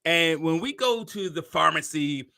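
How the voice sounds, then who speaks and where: A man's voice: fairly high pitch, animated, vocal fry, sharp tone, dry recording, clean studio sound. A man hosting an interview show, talking casually with many restarts and building into a preacherly, repetitive rhythm. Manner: drawn-out, preacherly, repeats phrases for emphasis. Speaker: podcast host.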